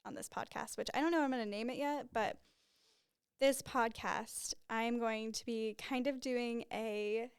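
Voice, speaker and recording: In a small, dry, dead studio with a white backdrop, a woman in her twenties hosts a relaxed solo podcast, rambling and showing her emotions openly. She speaks at a measured pace close to a podcast microphone, her voice slightly high, smooth, and clear, with no echo.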